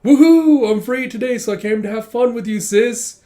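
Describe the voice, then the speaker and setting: A man voicing a hotheaded, overprotective young man from a manga, shouting in a high, excitable voice. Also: normal speed. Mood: gleeful. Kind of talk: dramatic manga read-aloud.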